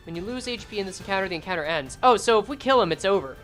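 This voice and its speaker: A woman's voice: medium pitch, expressive, rapid-fire, hardly any pauses, faint music behind. A woman streaming a game, reading skill text aloud and joking sarcastically with her chat.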